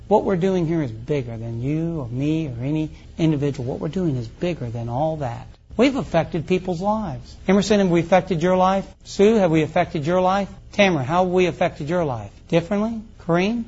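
A man's voice: on the high side, a little fast, few pauses, a little mellow, slightly rough. A middle-aged male pastor preaching a folksy, conversational sermon full of rhetorical questions. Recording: muffled lo-fi recording.

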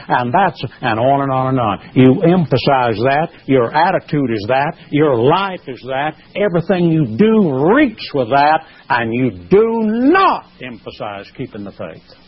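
Emphatic preacher, husky lo-fi. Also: male voice, animated, measured pace. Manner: emphatic, rising in pitch and force when pressing a point. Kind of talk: sermon. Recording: muffled lo-fi sermon recording.

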